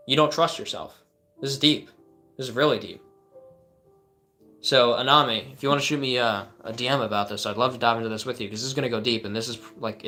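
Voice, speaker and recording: Male life coach, mid-pitched, easygoing live-stream advice voice, faint music behind. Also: pushed and bright. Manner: casual and earnest, frequent "like" fillers and restarts. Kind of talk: live advice stream reading chat questions.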